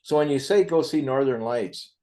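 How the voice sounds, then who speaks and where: A man's voice: medium pitch, moderate pace, dark tone. A man hosting an interview, chatting in a rambling, enthusiastic way between his questions. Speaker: interview host. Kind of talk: casual interview chat.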